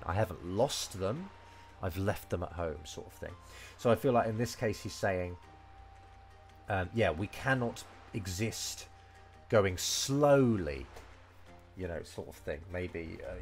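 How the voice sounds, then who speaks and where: A man teaching Japanese vocabulary and grammar in a casual, rambling way, full of fillers and restarts. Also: fairly low pitch. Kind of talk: casual game-based language lesson.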